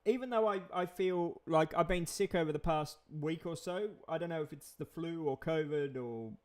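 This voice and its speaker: A man's voice: on the high side, moderate pace. A man, chatting in a rambling vlog monologue, repeating himself and chuckling often. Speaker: vlogger.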